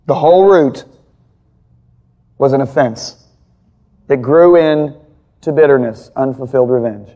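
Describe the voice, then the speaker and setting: A man's voice: mid-range voice, a little slow, long pauses, dull audio. A male pastor teaching a Bible lesson in sermon style, telling stories with emphatic repetition.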